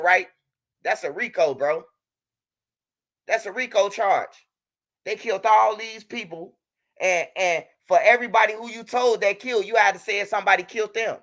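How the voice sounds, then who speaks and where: A man's voice: sits high, sharp tone. A young man in a heated, profane rant, repeating himself as he talks straight at a rival. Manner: angry, profane, repetitive, talking straight at a rival. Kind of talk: heated direct-to-camera rant.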